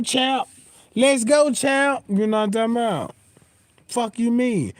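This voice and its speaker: A high-voiced man rants on his livestream with wildly swinging pitch. He rambles, curses freely and keeps asking if you know what he's talking about. The sound is dry and close. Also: slow, no echo. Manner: heated and animated. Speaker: livestream host. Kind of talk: casual livestream rant.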